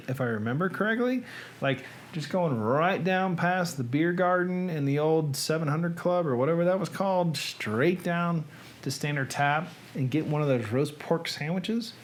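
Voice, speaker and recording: A man hosting a casual livestream from his home editing room, chatting and greeting viewers by name. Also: on the high side. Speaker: host.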